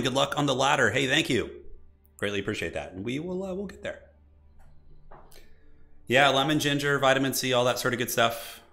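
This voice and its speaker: A man streams his own match, hoarse and slightly rough from a chest cold, with a bright, forward tone. He talks things through aloud as he plays and breaks off to answer viewers. Quiet music runs underneath. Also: mid-range voice, expressive, brisk, pauses often. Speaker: game streamer. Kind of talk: live gameplay commentary and chat replies.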